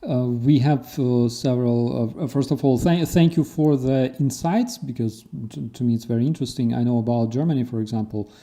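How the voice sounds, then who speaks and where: A man hosting a casual interview in a very dark, mellow voice. He tells stories with animation and acts out the people he quotes. His pitch sits in an ordinary middle range for a man. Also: fairly even intonation, brisk, few pauses. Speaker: host.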